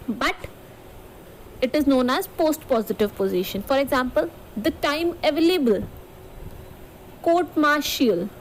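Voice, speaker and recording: A woman's voice: high voice, a little hiss or hum, rough recording. A woman teacher with an Indian English accent, explaining a grammar lesson step by step to students and often checking in with "okay". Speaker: school teacher.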